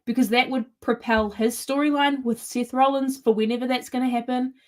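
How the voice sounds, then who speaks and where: A woman's voice: on the high side, steady tone, brisk. A woman co-hosting a casual podcast chat, laying out her theories and setting the scene with quoted asides. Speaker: podcast co-host.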